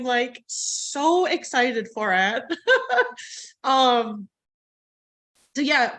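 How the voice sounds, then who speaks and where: A woman's voice: high-pitched, sharp tone. A woman speaking on an online summit, nervous and laughing, with many ums. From United States. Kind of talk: nervous personal talk.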